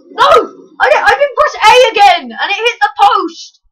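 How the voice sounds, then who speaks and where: Girl yelling at her game, super high and bright, jokey asides to her viewers. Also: poor audio. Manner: excitable, yells at the screen, quick self-mocking asides. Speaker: gaming channel host. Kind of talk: live gameplay commentary.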